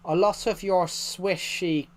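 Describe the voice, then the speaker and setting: A man's voice: sits high, steady tone, slow. A man with an English accent, chatting casually with his stream viewers and often restarting his phrases. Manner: rambling, repeats and restarts phrases. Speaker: live streamer reading chat.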